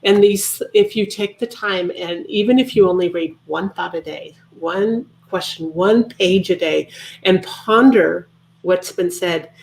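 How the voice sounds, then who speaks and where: A woman, a publisher guest, speaking in an earnest, measured way in casual chat. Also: on the low side, gravelly. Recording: echoey room.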